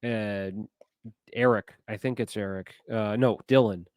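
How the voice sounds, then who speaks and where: A man's voice: fairly low pitch, fairly even intonation, a little slow, darkish tone, no echo. A man co-hosting a podcast, chatting casually and wandering into asides while he searches for names. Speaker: podcast co-host. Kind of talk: casual chat.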